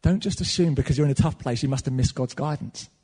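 A man preaching a sermon in a church hall, animated and swinging between loud and soft. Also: medium pitch, quick pace, slightly rough. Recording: long reverb of a large hall.

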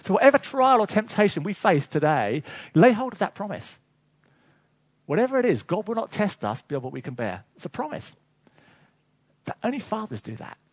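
Male preacher, sermon; high husky voice, chatty storytelling with chuckles. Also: moderate pace, no echo. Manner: lively storytelling with chuckles, asides to the congregation.

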